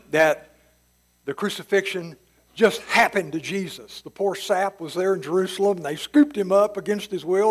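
A man with a high voice teaches a Bible passage like a chat, retelling it in everyday words. He stops often for folksy asides and plain explanations. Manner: restarts and fillers, chuckles at times.

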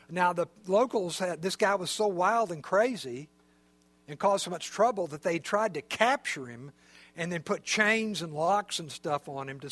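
A man's voice: sits high, a bit bright, dry recording. A man preaching a sermon in a conversational, explanatory way, with frequent fillers. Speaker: pastor.

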